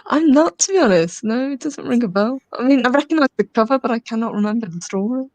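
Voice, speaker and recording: A woman's voice: fairly high pitch, lively intonation, quick pace, dry recording. A woman guest with a dry, close sound. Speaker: podcast guest. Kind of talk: casual chat.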